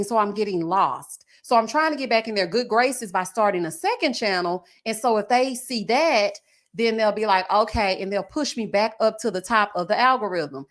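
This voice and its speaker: A woman recapping a reality show on her channel, chatting loosely with viewers, reading their comments aloud and laughing often, with drawn-out endearments. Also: mid-range voice. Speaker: TV recap YouTuber. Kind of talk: casual recap commentary reading live chat.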